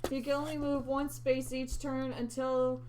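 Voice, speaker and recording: A woman's voice: high-pitched, level tone, a little mellow, slight background noise. Woman reading out game cards. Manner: reads card rules aloud in a measured tone. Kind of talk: casual board game chat.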